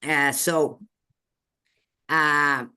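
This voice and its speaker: A woman's voice: deep voice, little pitch movement, drawn-out words, sharp tone, clean tone. A woman teaching a literature class. She reads passages aloud and explains them, with many fillers and checking tag questions. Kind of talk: classroom lecture reading aloud from a novel.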